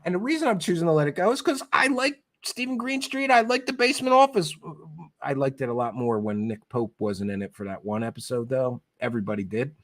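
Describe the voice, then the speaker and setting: A man's voice: mid-range voice, expressive, fairly quick, fairly bright tone. A man hosting his show, giving sarcastic, emphatic video commentary and hammering his points home by repeating them. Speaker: show host.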